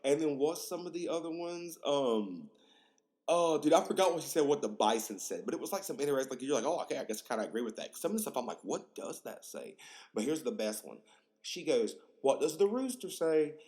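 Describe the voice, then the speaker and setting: A man's voice: mid-range voice, expressive, fast talker, a little mellow. A young man hosting a podcast, telling stories in a rambling, slangy way with lots of fillers and crude jokes. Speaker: podcast host. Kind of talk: casual storytelling monologue.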